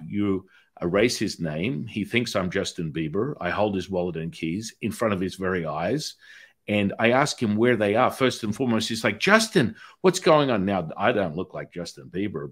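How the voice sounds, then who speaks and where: A man's voice: on the low side, lively intonation, moderate pace, husky. A middle-aged man hosting an interview podcast, talking in a rambling way with restarts and anecdotes. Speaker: podcast host. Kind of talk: conversational interview.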